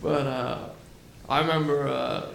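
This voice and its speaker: A man's voice: medium pitch, fairly even intonation, measured pace, gravelly, fairly bright tone, slight background noise. A man with a Canadian accent doing an awkward, hesitant stand-up set with nervous chuckles. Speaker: stand-up comedian. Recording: roomy club echo.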